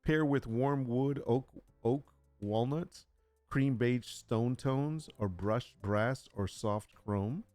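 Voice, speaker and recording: A man's voice: medium pitch, slow pace, darkish tone, no echo, soft background music. A man chatting casually on a live stream, talking through his work and reading text aloud with joking asides. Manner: chatty, reads aloud, jokes with chat.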